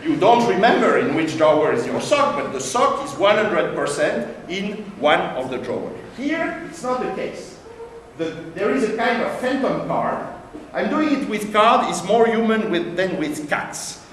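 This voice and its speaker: Man, high lively voice, playful science lecture, echoey hall, distant mic, faint hiss. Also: moderate pace. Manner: animated, playful, gestures with props.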